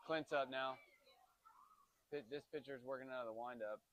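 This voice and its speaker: A man with a Texan accent calling a youth baseball game, chatting with viewers and getting louder on big plays. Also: medium pitch, steady tone, moderate pace, a little hiss or hum. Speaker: youth baseball play-by-play announcer. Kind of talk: casual play-by-play commentary. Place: outdoor youth baseball field.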